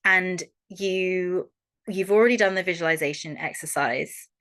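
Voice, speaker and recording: A young Australian woman coaching a workshop audience in a frank, animated way and swearing freely. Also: on the low side, measured pace. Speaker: holistic coach. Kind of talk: online workshop talk.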